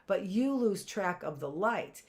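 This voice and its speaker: A woman's voice: medium pitch, animated, measured pace. A woman voicing an old male beggar who pleads in a raised, imploring tone. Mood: pleading.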